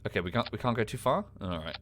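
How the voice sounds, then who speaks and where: A man's voice: on the low side, expressive, fast, a bit bright. A man giving casual, dry, self-deprecating commentary while livestreaming a game, often muttering to himself. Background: game music.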